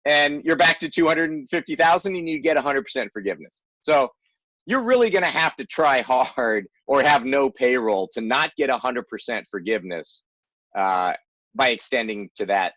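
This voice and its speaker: A man's voice: medium pitch, animated, normal speed, fairly bright tone, no room sound. A man presenting an explanatory webinar as an advisor, emphatic and rereading key phrases for stress. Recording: dull lo-fi webinar audio, dry.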